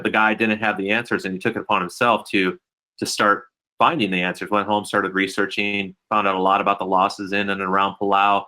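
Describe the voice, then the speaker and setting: A man answering interview questions in a steady, measured way, with a few hesitations. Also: fairly low pitch. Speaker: guest, nonprofit president.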